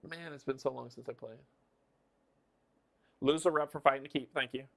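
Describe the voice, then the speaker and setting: Guy on a live stream muttering through his board game turn, counting stuff out loud. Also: medium pitch, normal speed, gravelly. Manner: muses and counts moves under his breath. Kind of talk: casual live-stream thinking aloud.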